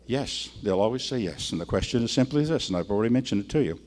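A man's voice: fairly low pitch, lively intonation, fast, darkish tone, slight background noise. Folksy older man preaching with stories. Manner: folksy, conversational, acts out the people in his stories. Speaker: pastor. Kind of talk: sermon with storytelling.

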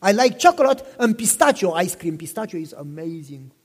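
High, animated preacher man in a hall. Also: a little fast, slightly rough. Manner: impassioned storytelling, repeats himself, asks listeners questions. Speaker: pastor. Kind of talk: sermon. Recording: long reverb in a hall.

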